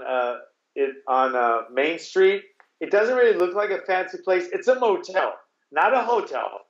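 A man telling a casual story in a rambling way, full of restarts and the odd curse word. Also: fairly high pitch. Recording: roomy, dull sound.

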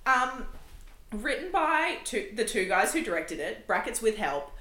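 A woman hosts a casual podcast in a bright, lively voice. She laughs a lot and acts out her stories. The room adds a clear echo. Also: on the high side, unhurried. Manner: chatty, laughs often, animated retelling. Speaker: podcast host.

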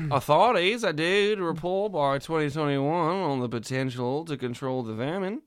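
A man's voice: normal speed, smooth, no room sound, clean studio sound. A man co-hosting a crude comedy podcast, reading news articles aloud with mock seriousness and joking between them. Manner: reads news articles aloud with mock gravity, jumps into squealing high voices. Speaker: podcast co-host.

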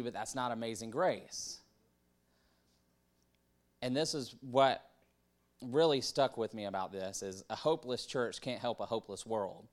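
Conversational male pastor preaching. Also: medium pitch. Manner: conversational, repeats words, asks the audience questions. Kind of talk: sermon.

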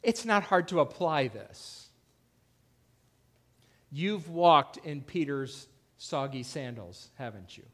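A male pastor preaching a conversational sermon, acting out quoted lines with a raised, louder voice. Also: lively intonation, slow pace, pauses often. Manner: conversational preaching, acts out quoted voices with rising pitch and loudness. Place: church.

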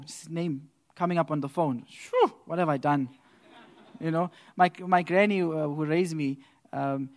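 A man giving a church testimony that builds into preaching, telling his story with laughter and loud outbursts. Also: high voice. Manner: animated storyteller who laughs and swells into loud exclamations.

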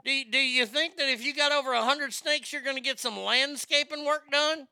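A man's voice: extremely high pitch, normal speed, vocal fry, bright, forceful tone, dry recording. A man hosting a show, ranting comedically and sarcastically, often stammering and repeating words. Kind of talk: comedic rant.

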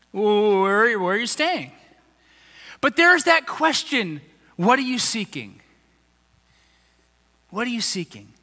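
A man's voice: extremely high pitch, pushed and bright, big-room sound. A man preaching a conversational sermon as pastor, acting out the people he quotes in little voices.

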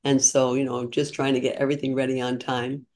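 A woman's voice: rumbling low, flat delivery, fairly quick, a little mellow. A woman in her sixties, a podcast guest, telling her story in a chatty, earnest way with frequent restarts. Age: 60s. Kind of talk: casual storytelling interview.

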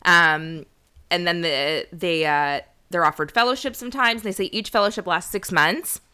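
A woman with a bright, crisp voice that sits a little low for her, chatting casually as a comedy podcast co-host. She rambles through a story with fillers and jokes around easily. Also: normal speed. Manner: rambling, laughs a lot, jokey. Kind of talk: casual chat.

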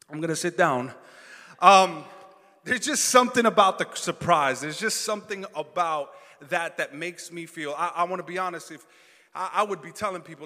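A man in his thirties preaching a sermon, telling a funny story and then shouting his points. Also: high voice, normal speed. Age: 30s. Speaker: pastor. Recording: long reverb in a hall.

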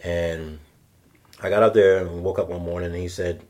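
A man's voice: sits low, fairly even intonation, moderate pace, mellow. A man from Maryland, a guest on a podcast, telling stories casually with frequent restarts and self-corrections. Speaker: podcast guest, BMX rider. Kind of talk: casual storytelling interview.

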